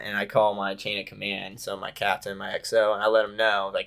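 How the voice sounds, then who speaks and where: A man's voice: fairly low pitch, completely flat delivery, fast, creaky, few pauses, fairly bright tone. A man in his twenties telling a long story as a podcast guest, rambling and laughing along. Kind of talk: casual storytelling.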